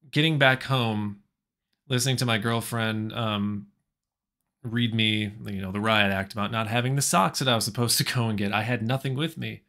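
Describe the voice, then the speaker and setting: Gravelly American guy telling a tall tale. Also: mid-range voice, bright, forceful tone. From United States. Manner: rambling, repeating words, dry sarcasm. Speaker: storyteller. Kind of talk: comic storytelling monologue.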